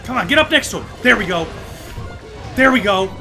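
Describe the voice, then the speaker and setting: Excitable high-voiced gaming man. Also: fairly quick, faint music behind. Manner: excitable, loud exclamations and groans. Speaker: let's play host. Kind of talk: live gameplay commentary.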